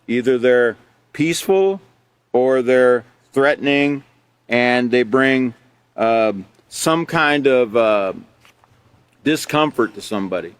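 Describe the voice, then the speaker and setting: A man from Alaska teaching a character education class, reading from a textbook and explaining it in a relaxed, conversational way with frequent fillers. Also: mid-range voice, clear, resonant tone, dry recording. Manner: relaxed and conversational, many fillers, laughs between points.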